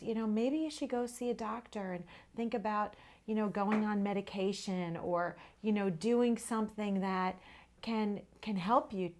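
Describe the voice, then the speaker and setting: A woman's voice: mid-range voice, a little mellow, lightly acted. A woman voicing her firm, caring best friend, who urges her in a coaxing way. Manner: urgent and coaxing.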